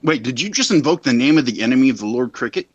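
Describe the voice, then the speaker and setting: A man's voice: medium pitch, lively intonation, quick pace, muffled recording. A man in casual livestream chat, teasing and laughing, with mock-religious jokes. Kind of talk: crude joking livestream chat.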